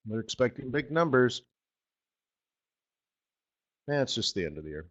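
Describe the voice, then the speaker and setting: Host of a markets webinar, male, mid-pitched, wry and rambling, muffled lo-fi sound. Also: very animated, normal speed, long pauses. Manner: sarcastic, joking, rambling asides with laughs. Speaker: forex market strategist hosting a live webinar. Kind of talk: live trading webinar commentary.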